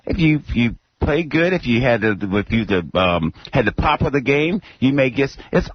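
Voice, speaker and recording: Husky-voiced man, halting guest. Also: medium pitch, sing-song, no echo, lo-fi sound. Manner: halting, stammering restarts. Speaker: former pro football player, guest. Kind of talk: radio interview.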